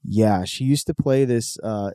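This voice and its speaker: A man's voice: on the low side, a little slow, dark tone, clear, resonant tone, dry recording, clean studio sound. A man chatting casually and swearing freely, rambling as he retells comedy sketches. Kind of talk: casual chat.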